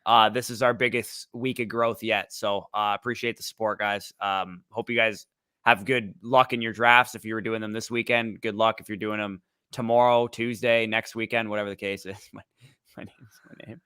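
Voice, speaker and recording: Male co-host, tired, casual filler-heavy chat, crisp bright tone. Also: lowish voice, fairly even intonation, moderate pace, no echo. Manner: laid-back, filler-heavy.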